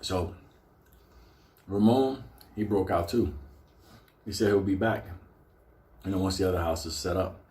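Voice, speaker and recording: Profane, animated male storyteller. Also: deep voice, measured pace, pauses often. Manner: profane, animated, laughs often. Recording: roomy echo.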